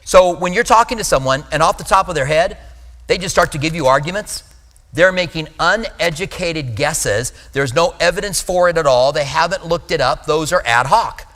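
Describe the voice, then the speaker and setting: A man's voice: fairly high pitch, normal speed, fairly bright tone, big-room sound. A man preaching a sermon in a conversational way, with asides and self-corrections. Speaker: pastor. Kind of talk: sermon teaching.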